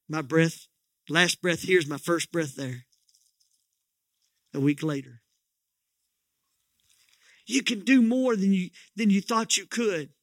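A man's voice: high voice, a bit bright, dry recording, studio quality. A middle-aged man preaching a sermon as pastor, telling a story in a folksy, joking way with many restarts.

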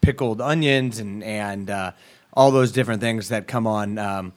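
A man in casual chat as a podcast guest, halting and full of restarts. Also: fairly low pitch, darkish tone.

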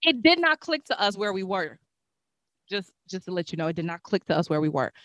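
A young woman hosting a casual chat, telling a lively story and acting out the voices of the people in it. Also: mid-range voice, a little fast, no room sound, studio quality. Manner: animated, acts out voices in her stories.

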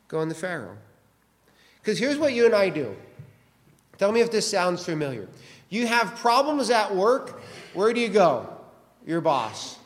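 A man's voice: high voice, in a large hall. A man preaching a sermon as pastor, pressing his listeners with many rhetorical questions.

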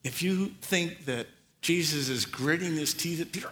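A man preaching a sermon, telling the story with lively acted-out asides. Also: fairly high pitch, moderate pace, big-room sound. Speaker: pastor.

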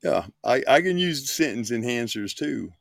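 An older man on a radio talk show, joking deadpan with boastful tall tales. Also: mid-range voice, normal speed, vocal fry, dry recording, studio quality. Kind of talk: casual radio show banter.

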